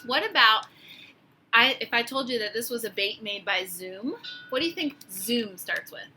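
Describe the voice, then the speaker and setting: A woman teacher giving a phonics lesson to young children, slowly sounding out letters with encouragement, outdoors on a deck. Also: fairly high pitch, lively intonation, rough recording. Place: outdoors on a deck by a lake, rain starting. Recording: loud outdoor noise.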